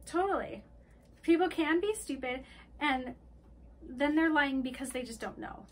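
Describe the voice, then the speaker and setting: A woman's voice: sits high, a little slow. A woman co-hosting a podcast, retelling a book in casual chat and acting out the characters' lines with laughter. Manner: animated retelling with acted-out quotes and laughter. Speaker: podcast co-host.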